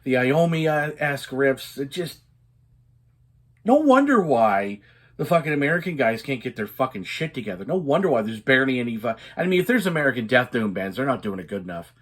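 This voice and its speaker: A man's voice: medium pitch, big pitch swings, brisk. Casual male vinyl reviewer, mid-range voice, foul-mouthed, rambling, prone to mini rants. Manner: profane and ranting, many fillers. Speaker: metal record reviewer.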